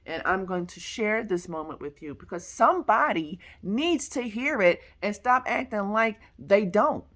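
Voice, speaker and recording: Animated retired servicewoman in her fifties. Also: mid-range voice, measured pace. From Philadelphia, US. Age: 50s. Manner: casual, animated storytelling with slang and acted-out dialogue. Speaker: vlogger, military retiree. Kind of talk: personal storytelling vlog.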